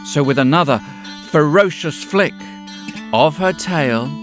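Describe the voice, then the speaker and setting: A man's voice: fairly high pitch, lively intonation, unhurried, over music. A man telling a story in a dramatic way, often dropping to a whisper. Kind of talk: spoken storytelling to music.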